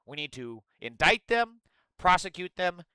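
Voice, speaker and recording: A man's voice: sits high, very animated, a little slow, sharp tone, smooth, no echo. A man giving angry, profane, sarcastic live political commentary and answering his chat. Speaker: streamer host.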